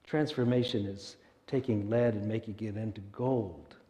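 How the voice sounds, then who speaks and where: Male minister with a warm, mellow voice. Preaches conversationally and keeps checking in with "right?". Church hall reverb. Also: on the low side, fairly even intonation, moderate pace. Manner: conversational, often asks the congregation rhetorical questions. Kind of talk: sermon. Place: church sanctuary.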